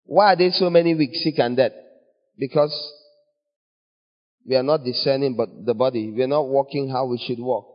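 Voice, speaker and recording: A man preaching a sermon in an animated way, acting out little scenes in other voices. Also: medium pitch, normal speed, pauses often. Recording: dull long reverb of a large hall.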